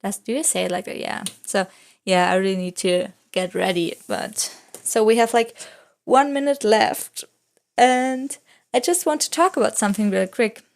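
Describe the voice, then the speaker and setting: A young woman's chatty voice-over in her second language, English, with a middle-pitched voice. She rambles from one story to the next and fills the gaps with "like". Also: moderate pace, creaky. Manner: rambling storytelling, full of "like" fillers; non-native English speaker. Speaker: vlogger.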